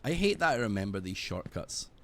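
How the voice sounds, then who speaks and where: A British man streaming a game, chatting casually in a rambling, sweary, animated way. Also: lowish voice, brisk, a little hiss or hum. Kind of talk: casual gaming stream chat.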